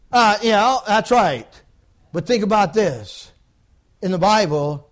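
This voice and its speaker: Fervent high-voiced male preacher. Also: a little slow, pauses often. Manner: fervent, swings from loud outbursts to low hushed warnings. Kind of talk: sermon.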